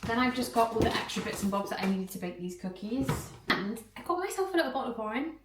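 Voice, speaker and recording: A woman's voice: fairly high pitch, reverberant, background noise. Chatty young woman vlogging. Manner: chatty and giggly, quick bursts of excitement. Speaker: vlogger and personal trainer. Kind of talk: casual vlog chat.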